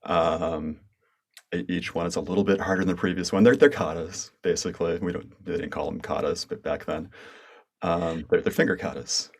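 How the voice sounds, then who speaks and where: Very deep-voiced American man hosting. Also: fairly even intonation, moderate pace, creaky, breathy edge. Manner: enthusiastic, stammering restarts. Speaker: podcast host. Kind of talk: casual interview conversation.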